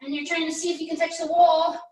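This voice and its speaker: High-voiced woman coaching a workout. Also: flat delivery, fast talker, a little mellow. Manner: encouraging, chatty, counts down reps. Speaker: pilates instructor. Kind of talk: workout class instruction. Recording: echoey room, mic at a distance.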